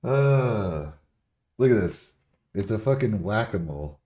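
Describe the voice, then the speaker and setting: A man streaming casually as a bodybuilder answering chat, blunt and profane, laughing and getting louder when riled up. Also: rumbling low, moderate pace.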